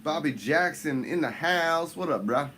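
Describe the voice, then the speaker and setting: A man hosting a fishing channel livestream, greeting viewers by name in casual chat, his voice jumping up high on the shout-outs. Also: lively intonation, a little slow, noisy background.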